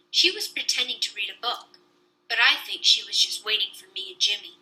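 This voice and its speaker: A young woman reading a children's book aloud with lively storytelling. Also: mid-range voice, rough recording.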